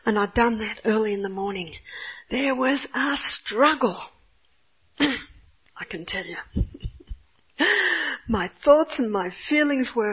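An older woman with a husky voice tells a faith story in an earnest, expressive way. She speaks as a mother recalling her own homeschool days. The recording sounds a little muffled. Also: fairly high pitch, slow, pauses often. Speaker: homeschooling mother giving a talk.

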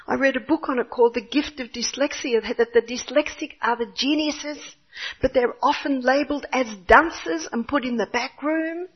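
An older woman, a homeschooling mother, gives an expressive faith testimony about her son. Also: on the high side, slightly rough, muffled recording. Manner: earnest, expressive storyteller. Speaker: homeschooling mother giving a talk.

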